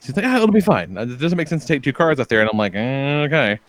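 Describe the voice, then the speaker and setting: A man's voice: medium pitch, expressive, fast, fairly bright tone, dry recording. 30s guy on a podcast, chill rambling stories, cusses a lot, laughs a bunch, dry close mic. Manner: laid-back storyteller, swears freely, chuckles often. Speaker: podcast co-host. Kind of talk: casual podcast banter.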